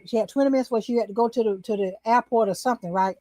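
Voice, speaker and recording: An older woman tells her story in an animated, storytelling way. Her voice sits a little high, and the recording is dry and close, with no room echo. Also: fast talker. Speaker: talk show host, guest. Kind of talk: casual chat, storytelling.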